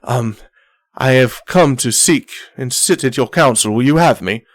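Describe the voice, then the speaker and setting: A smooth-talking male ship captain and performer, voiced by a man, all bows and flattery. His courtly phrases come out with small stumbles and repeated words, at an ordinary middle pitch. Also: lightly acted. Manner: courtly, ingratiating, halting with repeats.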